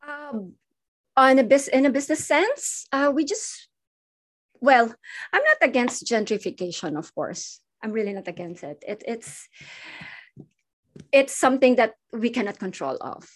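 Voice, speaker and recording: A woman, a restaurant owner speaking on an online panel. She talks haltingly, with many restarts, and gets emotional. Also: fairly high pitch, expressive.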